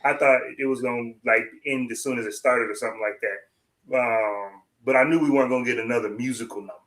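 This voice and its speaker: A man co-hosting a TV review show in casual chat, talking quickly and rambling with many restarts as he voices his own thoughts. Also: mid-range voice, steady tone, fairly bright tone. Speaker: TV review podcast co-host.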